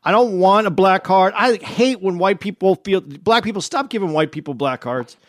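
Podcast co-host, a man with a high voice, earnest and stumbling over restarts, dry close mic. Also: lively intonation, no echo. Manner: earnest, halting with many restarts. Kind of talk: casual chat.

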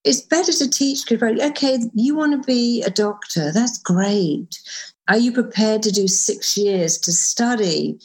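Animated woman, emphatic storyteller. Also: a little high, measured pace. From United Kingdom. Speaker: therapist and author, guest. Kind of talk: conversational interview.

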